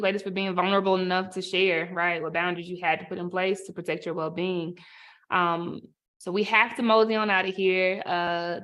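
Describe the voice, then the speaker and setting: A woman moderating a panel over a video call, with gentle affirmations and many fillers. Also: mid-range voice.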